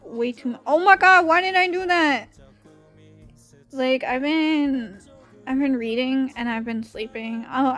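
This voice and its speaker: A young woman with a Valley girl accent, chatting casually on stream while drawing, giggly and full of "like" fillers. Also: high voice.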